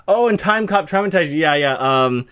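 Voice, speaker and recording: Hosting a casual stream interview, a young man speaks with a lisp in an expressive, somewhat bright, higher-pitched voice at normal speed. His talk wanders and is packed with filler words, with slight background noise behind him.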